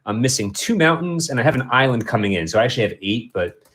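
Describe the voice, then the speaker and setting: A man's voice: mid-range voice, animated, fast talker, a bit bright. A man hosting a casual livestream, rambling and restarting as he chats with viewers and his cat. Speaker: livestream host.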